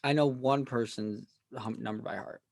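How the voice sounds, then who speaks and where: A man from upstate New York chatting casually on a podcast, telling stories in a deadpan way and slipping in dry jokes. His voice is at a middle pitch and sounds close and dry. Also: moderate pace, gravelly, no echo. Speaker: podcast co-host. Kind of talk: casual chat.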